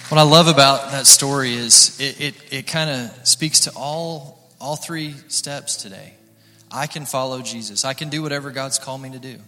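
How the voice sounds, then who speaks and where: A man's voice: medium pitch, moderate pace, hardly any pauses, sharp tone, in a large hall, faint music behind. A male pastor preaching an encouraging sermon, rallying the congregation.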